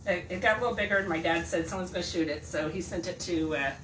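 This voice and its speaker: Bright-voiced woman chatting in an echoey room. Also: lowish voice, fast. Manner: storytelling, animated when telling jokes. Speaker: wreath maker hosting a live stream. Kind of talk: casual chat while crafting. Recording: roomy echo from a distance, faint noise.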